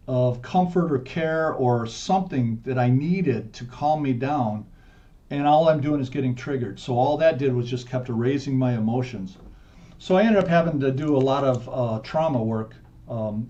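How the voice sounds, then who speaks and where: Mellow-voiced man sharing a frank story. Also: medium pitch. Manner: earnest, frank, speeds up and slows down to stress points. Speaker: podcast guest. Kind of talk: candid conversational storytelling. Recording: dull muffled podcast audio.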